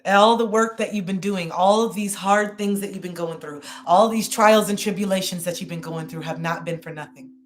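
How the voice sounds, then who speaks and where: A woman's voice: mid-range voice, moderate pace, hardly any pauses. A woman hosting a live-stream tarot reading, emotional and effusive, repeating her phrases as she talks to viewers. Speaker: tarot reader and host.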